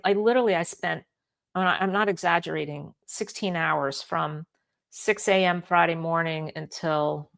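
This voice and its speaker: A woman's voice: fairly low pitch, creaky. A middle-aged woman hosting a live-stream Q&A, reading viewer comments aloud and answering in a chatty way with many fillers and restarts. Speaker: health channel host.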